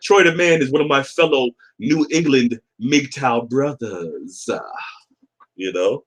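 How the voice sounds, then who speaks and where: A man's voice: mid-range voice, slow. Rambling, profane man. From Boston area. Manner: rambling, profane, reads out chat comments. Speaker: livestream host. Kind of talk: casual livestream chat.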